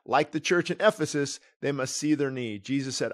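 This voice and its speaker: A man's voice: mid-range voice, brisk. A middle-aged pastor preaching his own book aloud, earnest and digressive, often breaking off and restarting his sentences. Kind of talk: sermon reading of his book with commentary.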